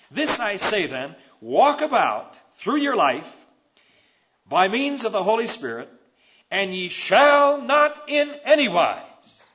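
A man's voice: high-pitched, sharp tone. A man preaching a sermon with emphatic, rising stresses, on a dull lo-fi recording.

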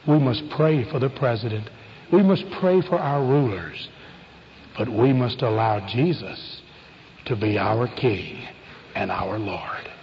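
A man preaching an evangelistic sermon, fervent and pleading, swinging from loud calls to hushed appeals. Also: mid-range voice, long reverb tail, lo-fi sound, slight background noise.

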